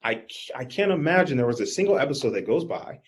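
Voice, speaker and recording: Man, business coach, live workshop talk, energetic, very lively pitch, mid-range voice. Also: fast talker. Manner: energetic, animated, talks straight to the audience.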